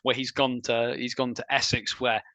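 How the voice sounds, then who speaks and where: A man hosting a casual sports podcast, chatty and opinionated, with quick asides. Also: mid-range voice, level tone, sharp tone, dry recording, low-quality recording. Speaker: podcast host.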